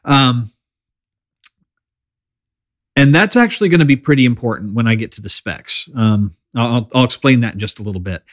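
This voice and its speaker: A man hosting his own channel and giving a relaxed, chatty review of a product, with fillers and small self-corrections. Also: mid-range voice, moderate pace, pauses often. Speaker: pen reviewer and channel host.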